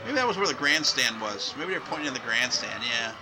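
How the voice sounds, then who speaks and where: A man hosting and calling play-by-play over old wrestling footage, excitable, shouting on big moves and drifting into loose rambling asides. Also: medium pitch, brisk, background noise. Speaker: host and wrestling commentator.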